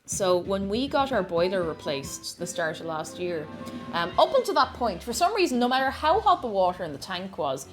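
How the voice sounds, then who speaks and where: A woman streaming herself cooking, chatting casually, reading viewer messages aloud and reacting, often stammering and restarting. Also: medium pitch. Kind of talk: casual chat while cooking live. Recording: music playing in the background.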